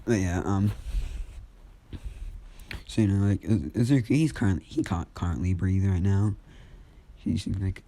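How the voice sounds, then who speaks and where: A man's voice: deep voice, steady tone, normal speed, creaky, pauses often, dark tone, slightly rough. A young man casually retelling a fan story, rambling with lots of fillers and restarts.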